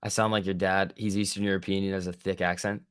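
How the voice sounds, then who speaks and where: A man's voice: low-pitched, level tone, fast, clear, resonant tone, no echo. A man hosting a live day-trading stream, giving casual, profane, joking commentary and bantering with his chat. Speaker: day trading livestream host.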